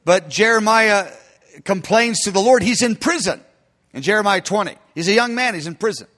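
A male preacher delivering an emphatic sermon. His voice sits very high and sounds bright and sharp. He often addresses his listeners as beloved. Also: expressive, moderate pace.

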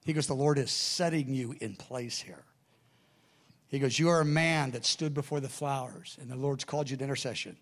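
A man's voice: medium pitch, a little fast. A middle-aged man preaching a sermon, telling a story with acted-out dialogue. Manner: animated storyteller, acts out quoted dialogue.

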